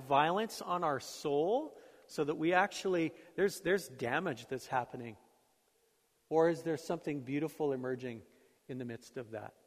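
A middle-aged male pastor preaching a sermon in a conversational, storytelling way, self-deprecating about his own life. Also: a little high. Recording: long hall reverb.

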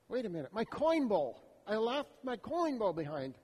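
A man's voice: high-pitched, sing-song, moderate pace, few pauses, a little mellow, husky. A man telling a story as a first-person dramatic monologue, in an intimate, reflective inner voice. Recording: long hall reverb.

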